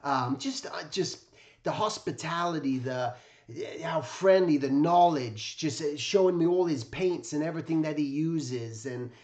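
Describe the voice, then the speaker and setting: Enthusiastic man with a fairly high voice. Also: measured pace, a little mellow. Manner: enthusiastic, rambling, awestruck. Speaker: illustration teacher and host. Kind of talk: casual spoken storytelling.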